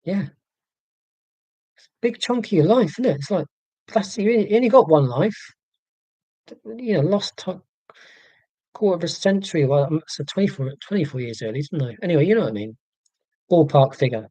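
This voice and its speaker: Mellow rambling man in his forties. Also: on the high side, animated, moderate pace, pauses often, dry recording. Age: 40s. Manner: rambling, self-deprecating, full of restarts. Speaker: live-stream host. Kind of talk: casual live-stream chat. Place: indoors at home. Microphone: laptop microphone.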